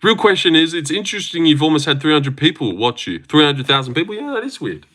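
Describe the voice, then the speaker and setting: An Australian man runs an MMA predictions livestream, chatting casually and answering viewer comments in a blunt, profane, rambling way. His voice is a little high and sharp, and he talks fast and very animatedly.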